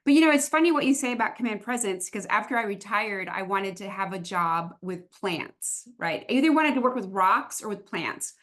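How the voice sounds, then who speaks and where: A woman who retired from police work, hosting an interview and telling stories in a loud, lively voice. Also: medium pitch, moderate pace, few pauses. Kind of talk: casual interview talk.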